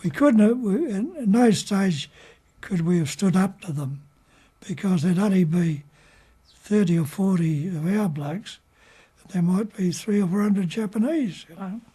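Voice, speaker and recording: An older man with an Australian accent, remembering in an interview and talking in a halting way with many pauses and fillers. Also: sits high, warm tone, slightly rough. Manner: unhurried, halting, with frequent fillers. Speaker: war veteran interviewee. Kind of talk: reminiscing in an interview.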